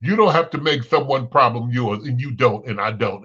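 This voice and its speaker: A man from Chicago, hosting a talk show and delivering a blunt, sassy, unscripted rant, his pitch jumping high when he is exasperated. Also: lively intonation, normal speed, pushed and bright, breathy edge, muffled recording.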